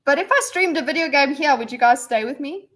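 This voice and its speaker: A woman's voice: high voice, lively intonation, a little fast, a bit bright. A woman hosting a casual livestream, rambling and reading viewers' messages aloud with lots of fillers and restarts. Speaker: livestream host.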